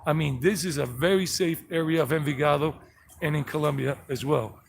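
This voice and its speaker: A man with a Southern US accent gives a chatty, rambling walking tour outdoors on residential streets. His voice sits a little high and carries a gravelly fry, with faint street noise behind him. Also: a little fast. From South Carolina and Georgia, USA. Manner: rambling, chatty, greets viewers by name. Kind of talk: live-streamed walking tour narration.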